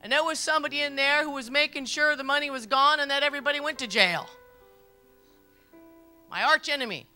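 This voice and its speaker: A middle-aged woman preaches at a church service in a high, forceful voice. She tells stories with emphasis, repeats her key lines and laughs along with the crowd. Soft music plays faintly behind her. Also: brisk. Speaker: pastor. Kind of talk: sermon.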